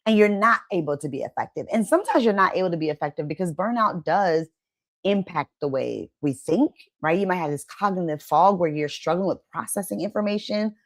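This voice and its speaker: A woman's voice: fairly low pitch, expressive, a little fast. A woman giving a motivational wellness talk to camera, emphatic and conversational, often checking in with "right?" and acting out quoted inner voices. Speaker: wellness coach and channel host.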